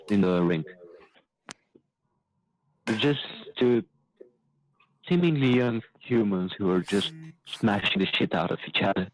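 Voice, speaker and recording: A man's voice: on the low side, dull audio, slight background noise. A man narrating as game master for a tabletop game, stopping now and then to correct himself. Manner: halting, self-correcting narration.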